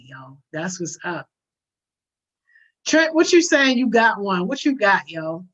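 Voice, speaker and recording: A woman hosting a casual livestream, reading viewer comments aloud, using lots of slang and often laughing. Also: lowish voice. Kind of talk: casual live chat. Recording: dull lo-fi audio.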